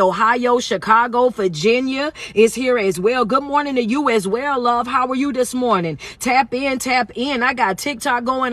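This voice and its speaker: Bright-voiced woman giving a livestream pep talk. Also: fairly high pitch. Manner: chatty and preachy, greeting viewers, calling them baby. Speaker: motivational speaker and life coach. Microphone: phone.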